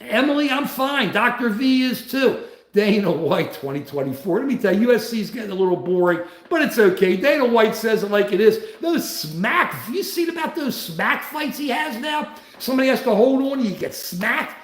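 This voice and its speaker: A man's voice: extremely high pitch, lively intonation, moderate pace, echoey room. A man hosting a casual livestream, talking in a worked-up way and reading out viewer comments. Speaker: livestream host.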